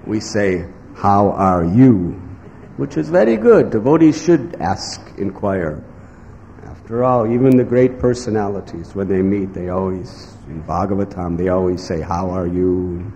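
A man giving a devotional sermon in slow, emphatic phrases, now and then acting out what others might say. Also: on the low side, animated, creaky, mellow. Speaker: spiritual teacher. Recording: echoey hall with faint background noise.

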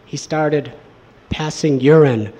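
A man's voice: fairly high pitch, slow pace. Man telling a devotional story. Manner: animated, repetitive storytelling. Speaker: storyteller, preacher.

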